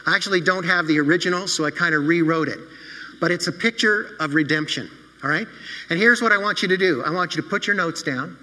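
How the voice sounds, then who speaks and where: A man telling a children's sermon story like a lively storyteller, often turning to ask his listeners questions. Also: fairly high pitch, quick pace, big-room sound. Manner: animated storyteller who asks his audience questions.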